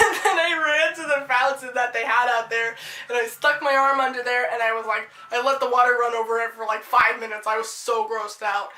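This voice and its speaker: A woman telling funny personal stories in an animated storytime vlog, excitable and given to bursts of loud yelling. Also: on the high side, fairly quick. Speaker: storytime vlogger. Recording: echoey room.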